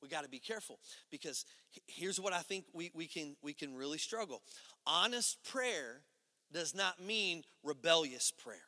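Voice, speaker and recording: A man preaching a sermon as pastor, in a conversational style that swings between loud emphatic lines and hushed low ones. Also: lively intonation, moderate pace, big-room sound.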